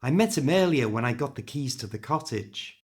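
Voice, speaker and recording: A man's voice: mid-range voice, lively intonation, a little fast, a little mellow, slightly rough. A man with a British accent voicing a teenage boy who would rather stay on his phone, in a storybook reading. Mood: restless. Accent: British English.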